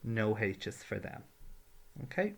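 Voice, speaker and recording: A man's voice: on the low side, very animated, slow pace, gravelly. A man teaching a patient, step-by-step grammar lesson. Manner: patient, explains carefully, drills verb forms. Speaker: Irish language teacher.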